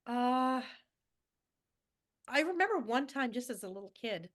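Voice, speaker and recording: A woman with a slightly high voice chats as a podcast co-host. She tells classroom stories in a lively way, slipping into the voices of the people she quotes. Her delivery stays relaxed and conversational. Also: unhurried. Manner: animated storyteller who acts out quoted voices. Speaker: schoolteacher. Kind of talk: casual chat.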